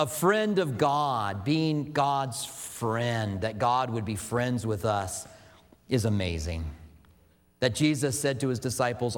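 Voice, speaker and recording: Male pastor, conversational sermon delivery with asides, recorded in a reverberant hall. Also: mid-range voice. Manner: conversational preaching with asides and filler words.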